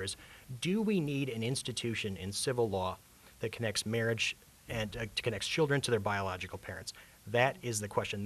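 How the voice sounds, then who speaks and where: A man making a press conference statement, firm and emphatic as he builds his points. He talks fast in a fairly low voice. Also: fairly bright tone. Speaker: executive director of an advocacy group.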